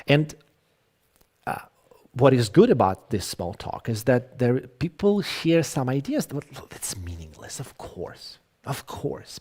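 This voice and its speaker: Chatty man giving an online lecture. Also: medium pitch. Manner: lively, conversational, frequent fillers and restarts. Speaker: English lecturer.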